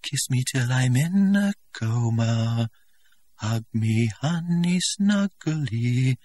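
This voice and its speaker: A man's voice: expressive, racing, dry recording, natural voice. A man voicing a young woman who coaxes sleepily and then cries out in fear in an audiobook reading. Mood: sleepy coaxing. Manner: high breathy pleading, cries out. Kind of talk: audiobook character voice.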